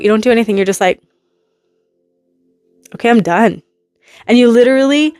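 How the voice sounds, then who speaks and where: A woman giving a casual, rambling tarot reading to her viewers, acting out imagined reactions in quick quotes. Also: mid-range voice. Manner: rambling, animated, full of hypothetical quotes. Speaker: tarot reader.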